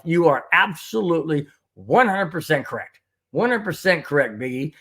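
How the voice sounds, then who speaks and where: A podcast host reads viewer comments during a casual sports show and goes on a sarcastic rant about the referees. His fairly high voice is expressive, pushed and bright, delivered at a measured pace.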